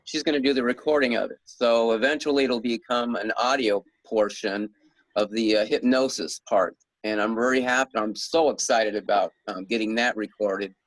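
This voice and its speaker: A middle-aged man talks casually in an interview, rambling and chuckling as he goes. His voice sits at a middle pitch. The recording is dry and close. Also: fairly even intonation, normal speed, dry recording, low-quality recording. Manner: rambling, chuckles often, many restarts. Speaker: guest author.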